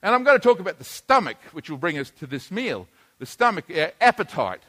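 A man's voice: high voice, sing-song, brisk, a bit bright. A man preaching a sermon, teaching plainly and then building to emphatic, repeated points.

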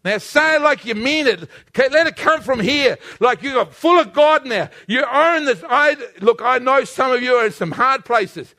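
A male pastor preaching a sermon with passion, rising to shouts and dropping to quiet pleas, calling on the congregation to repeat after him. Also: very high voice, expressive, moderate pace, few pauses. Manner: calls on the congregation to repeat lines.

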